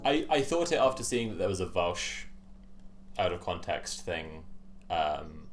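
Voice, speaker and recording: A woman's voice: rumbling low, big pitch swings, unhurried, a little hiss or hum. A woman chatting and joking casually while streaming a game. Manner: laid-back, chatty and joking. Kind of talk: casual chat.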